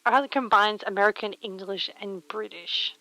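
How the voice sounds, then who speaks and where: A woman's voice: mid-range voice, normal speed, pushed and bright, dry recording, rough recording. A woman livestreaming casually from home, thinking aloud in a playful, rambling way while she mends a pillow and chats. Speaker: livestream host. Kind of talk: casual chat while crafting.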